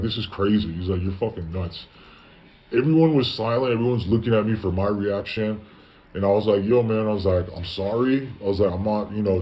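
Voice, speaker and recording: A man telling a long, casual story. He swears a lot and quotes himself with "I was like". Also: lowish voice. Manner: profane, tells stories with lots of "I was like" quoting. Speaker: guest telling his story. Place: parents' garage. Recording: dull lo-fi audio with faint background noise.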